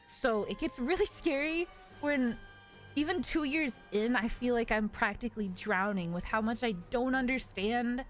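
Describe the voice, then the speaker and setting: A woman in her twenties, a streamer, talking in casual live-stream chat in an earnest, confiding way with many fillers. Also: fairly high pitch.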